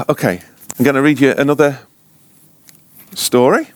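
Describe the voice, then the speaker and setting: A man leads an informal Bible lesson, trailing off and restarting his sentences and slipping in jokes. He speaks slowly with a very animated, up-and-down pitch. The sound is dry and close, with almost no room around him. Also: dry recording. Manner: rambling, self-interrupting, joking. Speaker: ministry school teacher.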